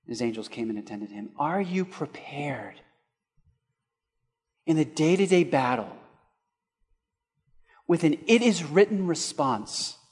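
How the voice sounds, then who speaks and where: A man's voice: medium pitch, expressive, slow pace, pauses often, husky. Preaching man with long hall reverb. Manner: rhetorical questions, swings between loud and hushed. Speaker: pastor. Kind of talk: sermon.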